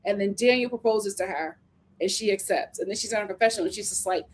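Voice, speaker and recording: A woman hosting a casual reality TV recap, sassy and animated, laughing often as she talks. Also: mid-range voice, fast, breathy edge.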